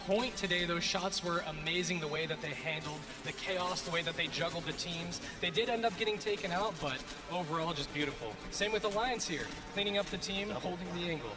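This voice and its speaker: A man giving analysis at an esports tournament, with quick, emphatic praise for the players. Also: sits high, music in the background.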